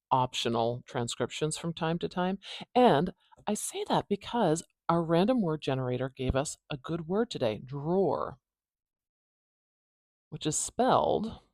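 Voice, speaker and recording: A phonetics teacher with an Atlantic Canadian accent gives a transcription lesson, explaining step by step and repeating words slowly to demonstrate each sound, with playful asides. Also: medium pitch, a little mellow, no echo, clean studio sound. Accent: Atlantic Canadian English.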